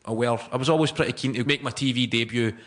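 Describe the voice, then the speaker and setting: Scottish male comic guest, joking chat, steady middle pitch, background hiss. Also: fast. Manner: chatty, joking, laughs often. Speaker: stand-up comedian guest. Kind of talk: casual interview chat. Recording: noisy recording with clicks.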